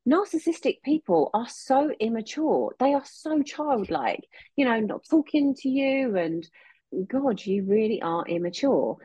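Woman guest counsellor, raspy, earnest, muffled dry sound. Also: medium pitch, darkish tone, dry recording. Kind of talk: casual chat. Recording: dull, dry close mic.

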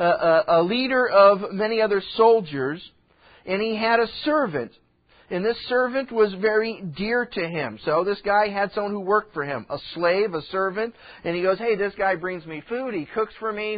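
A male pastor preaches in a loose, conversational way and slips into the voices of the people he describes. His voice sits high for a man. The sound is muffled and lo-fi, like an old radio broadcast. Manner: conversational, acts out quoted voices. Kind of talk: sermon.

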